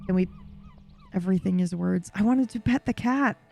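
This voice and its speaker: A woman streamer giving lively, reactive commentary while playing a game, swearing when caught off guard. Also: medium pitch, normal speed, creaky. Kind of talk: live game playthrough commentary.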